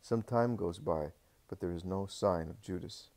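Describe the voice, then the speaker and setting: A man reading a religious text aloud as an audiobook narrator, in a steady, solemn way. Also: sits low, moderate pace.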